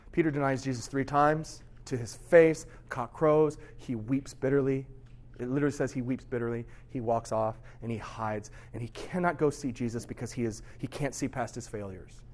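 A young adult man preaching a sermon to a youth group as their pastor. He moves between hushed, low stretches and loud, intense ones, and acts out quoted thoughts by repeating them.

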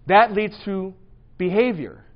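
A man's voice: sits high, a little slow, muffled recording. A man preaching in a church, casual and self-deprecating, talking to his congregation. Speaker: pastor. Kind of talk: sermon. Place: church hall.

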